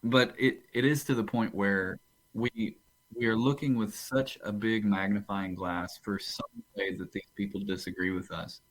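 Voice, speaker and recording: Low-voiced pastor telling stories. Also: male voice, fairly even intonation, normal speed, dry recording, low-quality recording. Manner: rambling storyteller who restarts phrases. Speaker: pastor and podcast guest. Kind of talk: casual theological conversation.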